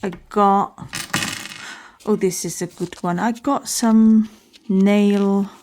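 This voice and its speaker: A woman's voice: mid-range voice, fairly even intonation, slow, background noise. A woman hosting her own show, talking casually and alone, rambling and correcting herself as she muses aloud. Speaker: podcast host. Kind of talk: casual solo talk.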